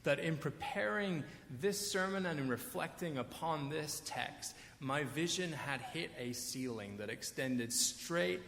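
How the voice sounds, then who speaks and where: A man's voice: on the high side, lively intonation, a little slow, creaky, hardly any pauses, a bit bright, slight background noise. A middle-aged man preaching a sermon as pastor, telling stories with wry, self-deprecating asides. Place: church sanctuary. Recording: echoey church hall.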